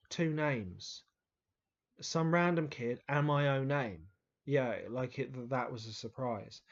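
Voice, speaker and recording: A man's voice: medium pitch, muffled recording. A man telling childhood stories to camera in a casual, rambling way, with frequent restarts, fillers and the odd swear word. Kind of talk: casual storytelling monologue.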